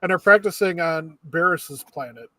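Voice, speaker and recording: A man's voice: a little high, animated, normal speed, pushed and bright. A man co-hosting a casual review chat, adding brief comments and laughing easily.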